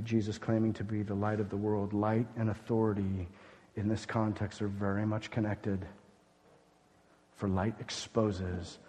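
A man preaching a sermon as pastor, urgent and emphatic one moment and hushed and grave the next. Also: fairly low pitch. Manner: emphatic preaching, swinging between loud urgency and hushed gravity. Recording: long hall reverb.

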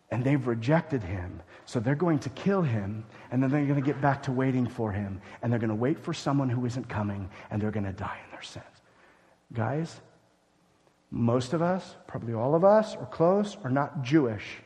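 A man's voice: medium pitch, animated, normal speed. Male pastor, mid-range voice, emphatic sermon delivery, long hall reverb. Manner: emphatic preaching, swinging between loud urgency and hushed gravity.

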